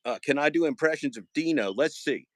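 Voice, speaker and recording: A man's voice: a little high, animated, fairly quick, dry recording. Sarcastic man rambling on a livestream. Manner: sarcastic, joking, taunting. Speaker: live streamer. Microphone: phone held in hand.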